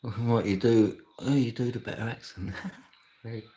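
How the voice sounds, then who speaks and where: A man's voice: mid-range voice, fairly even intonation, measured pace, dark tone. A middle-aged man, chatting casually and laughing often as a livestreamer reads and answers his chat. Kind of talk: casual live stream chat.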